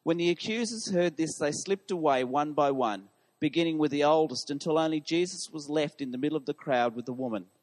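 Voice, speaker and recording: A man's voice: a little high, fairly quick, hardly any pauses, a little mellow. A man preaching a sermon to his congregation, putting questions to the listeners. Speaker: pastor. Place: church hall. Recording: long reverb of a large hall.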